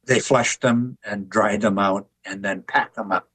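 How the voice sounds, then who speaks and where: A man's voice: lowish voice, unhurried, breathy edge, no room sound, low-quality recording. Older man telling dry, wry stories. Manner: relaxed, anecdotal, wry humor. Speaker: author and artist guest. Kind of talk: conversational interview storytelling.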